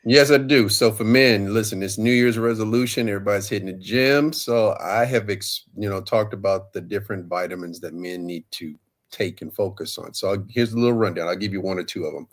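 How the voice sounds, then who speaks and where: A man's voice: lowish voice, fairly quick. A man co-hosting a casual relationship talk show, chatty and loose, often restarting his sentences. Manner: chatty, loose, repeats himself mid-sentence. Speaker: co-host.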